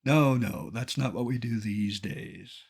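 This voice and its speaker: An older man tells his climbing story over a slideshow, his voice gravelly with a husky edge. He keeps a mid-range pitch and reads from a script. His humor is dry and deadpan. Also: measured pace. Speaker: mountaineer narrating a slideshow. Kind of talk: scripted narration.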